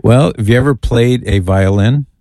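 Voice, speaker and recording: Mellow-voiced male radio host. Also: mid-range voice, normal speed, dry recording. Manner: easygoing, bantering. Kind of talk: casual call-in radio chat.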